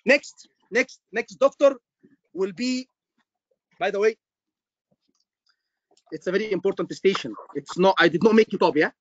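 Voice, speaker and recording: A male tutor with a notably high voice talks to his class over a video call. The sound is dry and a little dull. He is animated, repeats himself and keeps checking that students follow. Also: a little slow, pauses often, dry recording. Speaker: medical exam tutor. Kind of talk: online class teaching.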